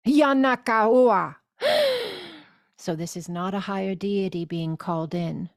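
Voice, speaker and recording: A woman leading a spiritual course, speaking deliberately and soothingly with loud gasping inhales and repeated phrases. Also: on the low side, little pitch movement, no echo, studio quality. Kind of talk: slow guided spiritual teaching.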